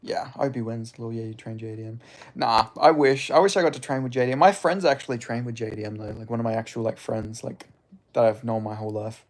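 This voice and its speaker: A young man with a mild Australian accent chats casually on a livestream, reading out comments and answering them. His manner is laid-back and loose, full of casual swearing, and his voice sits at an everyday middle pitch. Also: fairly even intonation, fast talker. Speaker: streamer answering chat.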